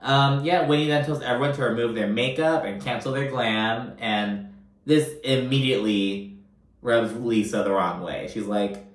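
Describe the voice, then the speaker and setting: A man's voice: mid-range voice, moderate pace, echoey room. A man giving a casual, gossipy recap of a reality show, swearing freely and using lots of fillers. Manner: chatty, profane, gossipy with frequent fillers.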